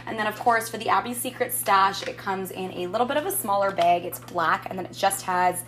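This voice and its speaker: A chatty woman talks through a coffee review in her own kitchen, upbeat and casual. She swears freely and rambles at an everyday pitch, like someone chatting with friends. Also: brisk, a bit bright, a little hiss or hum. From Canada. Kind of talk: casual chat.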